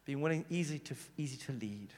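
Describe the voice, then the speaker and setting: A man preaching a sermon, telling stories animatedly and swinging from hushed to loud. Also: medium pitch, expressive, fast talker. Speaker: pastor. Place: church hall. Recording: long reverb in a church hall.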